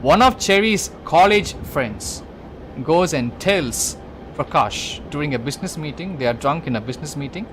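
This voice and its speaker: A man's voice: a little high, animated, moderate pace, noisy background. A man on a gaming livestream, retelling a film plot casually, rambling with many restarts and swearing. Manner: rambling, lots of restarts and swearing, talks to the listener directly.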